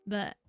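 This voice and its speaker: A woman streaming a game, chatting casually, giggly and rambling, with lots of upward inflections and a slightly croaky voice. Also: no echo. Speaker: VTuber streamer. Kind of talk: casual live-stream chat while gaming.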